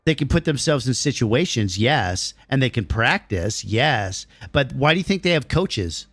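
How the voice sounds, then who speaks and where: A man's voice: medium pitch, normal speed, few pauses, fairly bright tone, no room sound, faint music behind. A middle-aged man streaming a game and answering his chat, ranting bluntly and swearing freely. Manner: blunt, profane, riled-up ranting.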